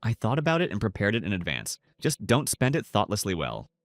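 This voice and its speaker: A man's voice: lowish voice, huge pitch swings, a little fast, no echo, clean studio sound. A man voicing a kind young noble woman, a younger sister, in plainly read dialogue. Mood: gentle.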